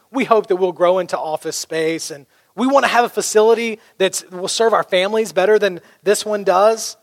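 A man preaching a sermon as pastor, conversational and humorous, telling stories. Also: sits high. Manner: conversational, humorous, animated storytelling. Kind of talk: sermon with storytelling.

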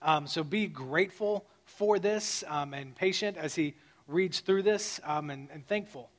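A man's voice: on the high side, a little slow. A man delivers a sermon. He preaches emphatically yet conversationally, slipping into casual asides to the congregation. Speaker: pastor.

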